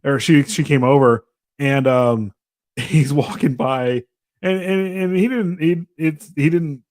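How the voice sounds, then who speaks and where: A man's voice: a little high, slow, a little mellow, no room sound, studio quality. A man co-hosting a casual podcast, telling stories in a rambling way with many restarts and laughs. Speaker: podcast co-host. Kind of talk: casual chat.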